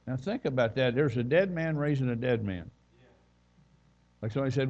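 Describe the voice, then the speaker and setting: A man's voice: medium pitch, normal speed, darkish tone. Folksy male preacher, lo-fi recording. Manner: folksy storytelling, reads scripture aloud. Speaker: visiting preacher. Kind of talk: sermon.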